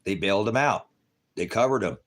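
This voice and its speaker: A preacher man with a very low, deep voice talks casually to his viewers from home on a farm. He rambles from one thought to the next and slips into fond baby talk with his cat. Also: expressive, a little fast, fairly bright tone. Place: farmhouse.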